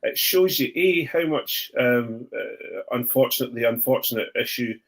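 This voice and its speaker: A man's voice: mid-range voice, normal speed, creaky. A man hosting a casual podcast chat, rambling with many ums and self-corrections. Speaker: podcast host.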